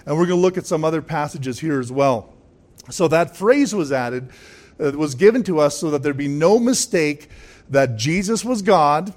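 A man's voice: a little high, expressive, moderate pace, darkish tone. A man preaching a sermon, emphatic, with frequent calls of "Amen?" and chuckling asides. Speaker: pastor.

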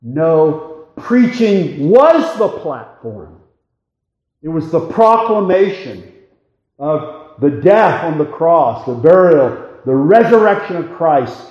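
A man preaching an expository sermon, reading scripture aloud with a deliberate, emphatic cadence. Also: fairly high pitch, sing-song, a little mellow, reverberant, poor audio.

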